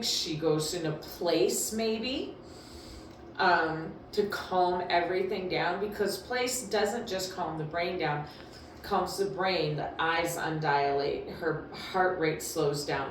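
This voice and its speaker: A woman's voice: lowish voice, a little hiss or hum. Echoey, distant woman dog trainer. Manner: emphatic, repetitive, chatty. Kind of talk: casual instructional talk. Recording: very echoey room, distant mic.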